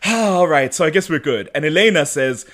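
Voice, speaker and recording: A man's voice: on the high side, expressive, brisk, a bit bright. A man co-hosting a podcast who chats casually through a TV episode recap and laughs often. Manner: chatty, laughs often, acts out quotes in voices. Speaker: podcast co-host.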